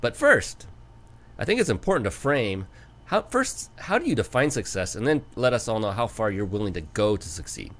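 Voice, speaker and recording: A man hosting a business talk show, chatting enthusiastically and spelling out details slowly. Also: lowish voice, very animated, fairly bright tone. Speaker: show host. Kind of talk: casual interview talk.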